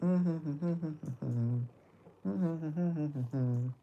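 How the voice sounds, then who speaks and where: A man's voice: fairly high pitch, drawn-out words, vocal fry, highs cut off, slight background noise. A man with an Australian accent hosting a livestream, chatting casually and answering viewer comments in a loose, joking way, swearing often and laughing between lines. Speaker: livestream host.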